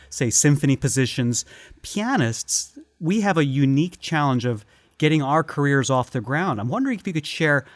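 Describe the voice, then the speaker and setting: A man's voice: medium pitch, no room sound. A male interviewer with a close, dry-sounding voice sets up his questions plainly and reacts to his guest with short, attentive remarks. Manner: brief attentive reactions, laughs along. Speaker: podcast host.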